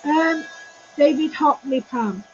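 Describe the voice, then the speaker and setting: A woman giving a casual painting demonstration, chatty and halting with many fillers as she talks through each step. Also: high-pitched, soft background music. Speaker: art tutorial host. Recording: dull lo-fi home recording.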